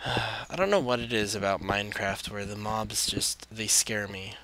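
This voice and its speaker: A man's voice: on the low side, steady tone, slow pace. A man hosting a let's play, talking to himself in a rambling way and easily startled by what happens in the game. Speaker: gaming channel host. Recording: noisy amateur mic recording.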